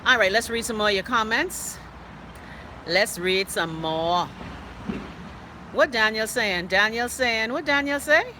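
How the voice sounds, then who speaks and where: A woman's voice: fairly high pitch, lively intonation, a little slow, long pauses, pushed and bright, slight background noise. A Bahamian woman hosting a live online show, chatting casually and outspokenly as she reads viewer comments aloud. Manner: chatty and outspoken, with playful dialect asides. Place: indoors.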